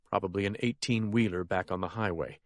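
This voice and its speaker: A man reading a crime thriller in a steady, measured narration. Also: sits low, no echo, studio quality. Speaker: audiobook narrator. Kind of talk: scripted narration.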